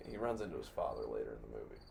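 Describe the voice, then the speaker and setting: A man with a very low, gravelly voice co-hosts a casual podcast, talking in a loose, laid-back way. Clear background noise and crickets run under his speech. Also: very animated, very fast, a little mellow. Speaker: podcast co-host. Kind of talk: casual chat.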